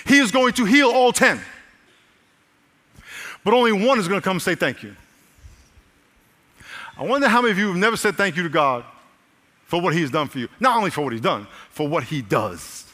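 Energetic pastor preaching in a big hall. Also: male voice, fairly high pitch, fairly quick, long pauses. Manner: energetic, repeats lines, calls out to the congregation. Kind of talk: sermon. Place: large church hall.

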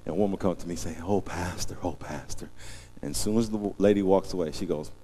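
A man's voice: deep voice, racing, slight background noise. A middle-aged man preaching a sermon as pastor, telling humorous stories and acting out scenes with big vocal swings. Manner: animated, joking storyteller who acts out scenes.

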